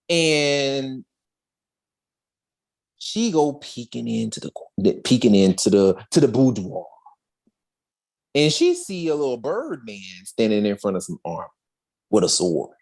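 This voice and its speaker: Lively, slangy podcast storyteller. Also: mid-range voice, unhurried, long pauses. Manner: animated, slangy storytelling with acted quotes. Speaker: podcast co-host. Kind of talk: casual episode recap.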